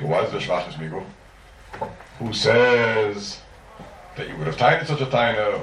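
A man lectures a Talmud class and argues through cases with rhetorical questions. His voice sits at an ordinary pitch. He is heard from some distance in a roomy, echoing space with faint background noise. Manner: lively, rhetorical questions, mixes Hebrew and Aramaic terms. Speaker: Talmud teacher. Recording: roomy echo, mic far off, faint noise.

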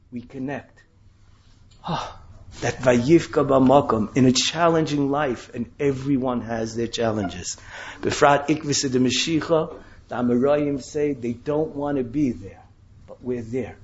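A man preaches a sermon at an unhurried pace, his slightly high voice climbing sharply into impassioned questions. The recording sounds dull and lo-fi. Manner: impassioned, dramatic rises into questions, with Hebrew and Yiddish terms. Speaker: rabbi giving a Torah talk.

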